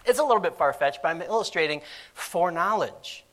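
A man's voice: on the high side, lively intonation, brisk, a bit bright. A man preaching a sermon in a conversational style, acting out quoted voices with lots of fillers.

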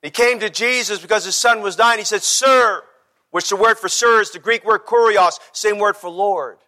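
Bright high-voiced male preacher. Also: a little fast. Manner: emphatic, repetitive, with rhetorical questions to the congregation. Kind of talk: sermon.

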